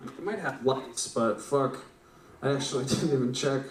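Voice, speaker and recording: A man's voice: mid-range voice, moderate pace, a little hiss or hum. A young man at an open mic, rambling through a profane story and often tagging lines with "right?". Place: small live venue stage. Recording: echoey room, distant mic.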